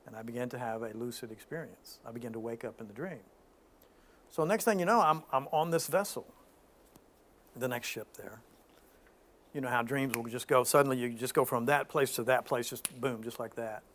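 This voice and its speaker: A man hosting an informal spiritual talk, telling stories in an animated way with frequent restarts. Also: medium pitch, normal speed, pauses often, slight background noise.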